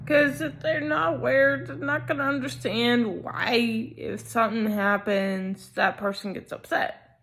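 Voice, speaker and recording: Slow, hesitant young woman vlogging. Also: on the high side, steady tone, a bit bright. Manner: slow, hesitant, many ums. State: sleepy, not fully awake. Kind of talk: casual personal vlog talk.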